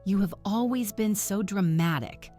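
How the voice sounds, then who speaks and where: Woman reading as a shrill, sneering mother. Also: a little fast, faint music behind, lightly acted. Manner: sharp, demanding.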